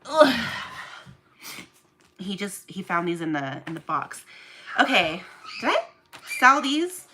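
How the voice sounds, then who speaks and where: A chatty woman talks to her viewers as she works, teasing herself and counting things aloud. Her voice sits at a middle pitch. A steady noise hums under the recording. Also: takes it slowly. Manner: chatty, self-mocking, counting aloud while packing. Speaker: small online shop owner. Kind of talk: casual vlog chat to viewers.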